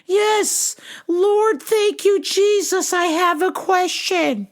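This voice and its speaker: A woman voicing an eccentric, preachy older woman caller who speaks in slow, sing-song blessings in a shrill, quavering voice. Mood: preachy, pleading.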